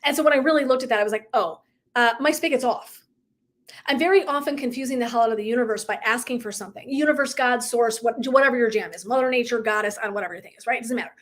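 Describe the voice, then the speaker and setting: A woman's voice: fairly high pitch, rapid-fire, hardly any pauses. A middle-aged woman coach talking casually and earnestly on a livestream, full of "like" and "right?". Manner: chatty, heavy use of "like", earnest and emotive. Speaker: wellness coach.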